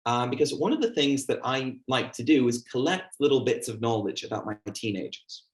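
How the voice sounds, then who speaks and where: A man's voice: mid-range voice, animated, brisk. A man giving a teacher training workshop, speaking conversationally and acting out the questions he asks his class. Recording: echoey room.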